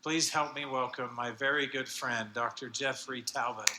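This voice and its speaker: A man on stage warmly introducing a guest speaker at a convention. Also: medium pitch, fairly even intonation, moderate pace, heavy background noise. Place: large convention hall. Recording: roomy hall with faint ambience.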